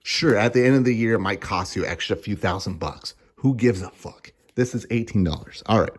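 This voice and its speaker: Man in his thirties, lowish voice, casual ranting review, sarcastic, swears, frequent laughs. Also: fairly quick, husky. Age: 30s. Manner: sarcastic, profane, laughs often. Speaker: food reviewer vlogger.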